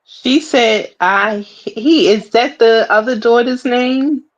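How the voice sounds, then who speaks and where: A woman co-hosting a casual live-stream chat, answering in calm, brief replies. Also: fairly high pitch, slow pace, muffled recording. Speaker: co-host.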